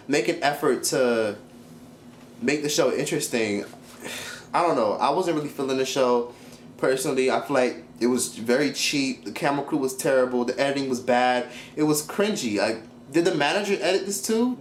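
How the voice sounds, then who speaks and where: A young man casually reviewing a reality show, blunt and profane, talking in an animated way. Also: mid-range voice, roomy sound, slight background noise. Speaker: YouTube commentator.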